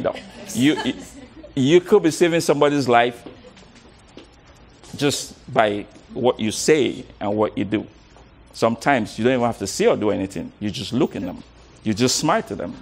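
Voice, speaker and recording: A male motivational coach speaking to a live audience, his voice pitched high and swinging widely up and down. He is animated, laughs often and repeats words as he coaxes the crowd to answer back.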